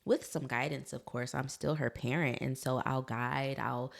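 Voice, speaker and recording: A woman's voice: a bass voice, fairly even intonation, normal speed, vocal fry. A woman, hosting a solo parenting podcast in a conversational way, laughing easily and talking to her listeners directly. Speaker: podcast host, psychologist.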